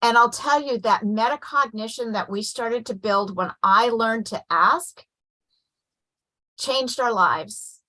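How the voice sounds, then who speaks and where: A woman speaking as a parent on a webcast panel, telling an animated story and acting out quotes. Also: fairly high pitch, slow, low-quality recording. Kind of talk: casual panel talk.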